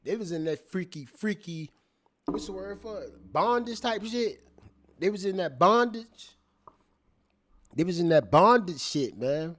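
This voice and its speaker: A man giving casual, profane commentary, animated and laughing, repeating phrases as he reacts. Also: sits high, measured pace. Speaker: commentator reacting to court testimony.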